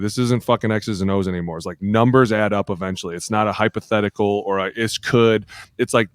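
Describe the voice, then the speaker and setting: A man's voice: on the low side, dry recording, clean studio sound. A man co-hosting a casual podcast, a rowdy, profane storyteller who acts out the dialogue in his stories. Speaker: podcast co-host, former football lineman.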